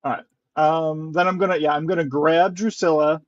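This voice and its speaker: A man's voice: a little high, steady tone, moderate pace, no echo. A man playing in a tabletop game, hesitant, with many ums and restarts, on a dull muffled mic. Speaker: player.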